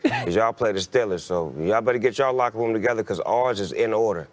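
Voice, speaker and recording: A man's voice: fairly low pitch, brisk. A man joking in laid-back, playful banter as a guest on a sports show. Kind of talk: casual banter.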